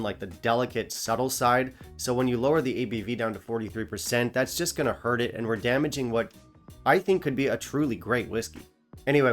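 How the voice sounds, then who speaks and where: A man talking through a whisky tasting review in a chatty, opinionated way, with joking asides. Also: medium pitch. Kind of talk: casual review vlog.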